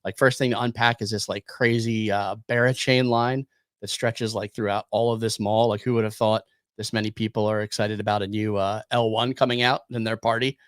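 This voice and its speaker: A man hosting a podcast, opening the show and chatting in a relaxed, loose way with fillers. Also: fairly low pitch, fairly quick, no room sound. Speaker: podcast host. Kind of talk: casual crypto podcast chat.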